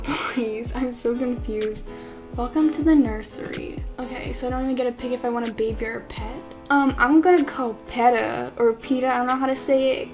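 Young woman, high voice, rambling confused game commentary, music playing loud behind her. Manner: confused, exclaiming, chatty. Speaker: gaming YouTuber. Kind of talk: casual gameplay commentary. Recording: clear background music under voice. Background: background music.

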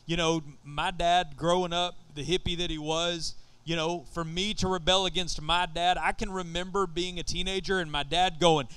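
A middle-aged Texan pastor preaches in a relaxed, joking way, talking straight to his congregation. His voice sits high for a man and rings bright and crisp. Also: moderate pace, few pauses. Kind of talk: sermon.

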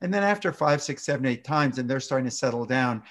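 A man, a pediatrician guest, explaining parenting advice in a lively way and acting out example conversations. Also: mid-range voice, fast. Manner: lively, acts out example dialogue in exaggerated voices.

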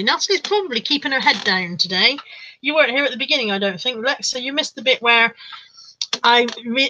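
A woman's voice: a little high, bright, forceful tone, muffled recording, a little hiss or hum. A woman hosting a live stream, reading out viewer comments in a playful, mock-dramatic chat. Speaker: livestream host reading chat.

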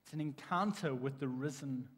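A man preaching a sermon in a church, telling stories in a lively way with frequent restarts. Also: medium pitch, moderate pace. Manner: animated storytelling with restarts. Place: church sanctuary. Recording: long church hall reverb.

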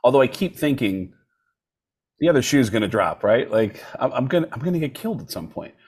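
Male comedian guest, mid-pitch, lively storyteller on a podcast. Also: brisk, slightly rough. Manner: animated, jumps into quoted voices. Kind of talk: casual storytelling. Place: podcast studio.

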